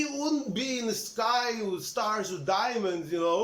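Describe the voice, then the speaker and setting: A man's voice: high voice, expressive, measured pace, hardly any pauses, fairly bright tone. A man ranting casually to the camera like a political commentator, cursing and restarting his sentences with many fillers. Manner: profane, heated, trailing restarts and fillers. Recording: echoey room with faint background noise.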